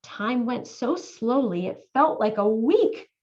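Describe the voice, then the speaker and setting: A woman volunteer reading a children's picture book aloud in an animated way, stopping to ask the young listeners questions. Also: a little high, slow. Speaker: volunteer reader. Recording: dull lo-fi audio.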